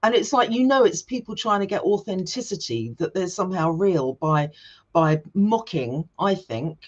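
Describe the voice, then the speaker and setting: A woman's voice: fairly low pitch, expressive, moderate pace, lo-fi sound. Opinionated Englishwoman chatting. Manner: opinionated, frequent restarts. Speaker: guest writer and comedian. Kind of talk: casual chat.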